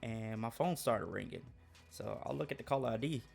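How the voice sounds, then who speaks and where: A man recounts a story from his job in a loose, slangy, conversational manner. His voice sits in a middle pitch and often breaks into laughter. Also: moderate pace, creaky, a little mellow. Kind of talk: casual storytime vlog.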